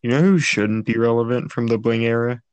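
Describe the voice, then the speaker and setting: A man's voice: medium pitch, fairly quick, dry recording. A man hosting a casual podcast chat, talking in a dry, teasing, opinionated way. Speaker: podcast host.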